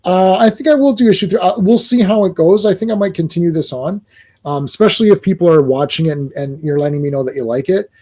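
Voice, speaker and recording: An excitable man reviewing a comic in a casual video, his voice fairly high and mellow. He jumps into the characters' lines as he goes. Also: fast. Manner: excitable, animated, acts out quotes.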